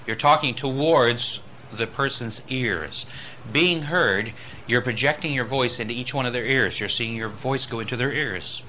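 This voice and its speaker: A man teaching a lecture on voice and speaking, dropping low and soft, then rising loud to show his points. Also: moderate pace, a little hiss or hum. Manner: demonstrates voices, swings between soft and loud. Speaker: spiritual voice teacher. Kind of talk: recorded lecture on voice.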